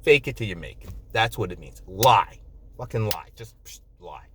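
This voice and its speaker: A man in his fifties, from New Jersey, talks straight to the camera about nursing in a casual monologue. He swears without a second thought and slips into other people's voices for quick quotes. His pitch rises and falls a lot, and the whole thing feels loose and animated. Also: a little hiss or hum. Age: 50s. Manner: blunt and profane, acts out quoted people. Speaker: nurse vlogger.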